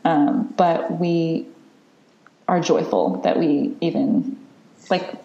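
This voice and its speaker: Woman, 30s, podcast host, low voice, candid rambling storyteller, echoey room. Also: steady tone, slow, gravelly, mellow, lo-fi sound. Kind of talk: casual podcast chat.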